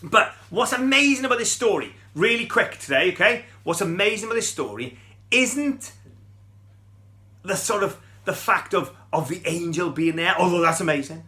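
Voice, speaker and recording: A man's voice: high voice, sing-song, moderate pace, sharp tone. A middle-aged man, telling a Bible story to children in a chatty, playful way and asking them questions.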